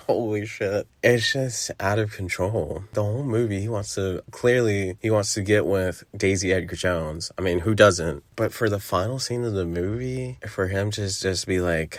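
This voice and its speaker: A man's voice: fairly low pitch, a little slow, dry recording, clean studio sound. A young man hosting a podcast, giving a blunt, profane movie review with frequent laughter and mocking impressions.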